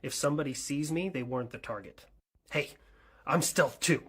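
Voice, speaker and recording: A woman voicing a smug personified stealth fighter jet in a comedy skit, bragging in a deadpan way. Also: deep voice, moderate pace, breathy edge.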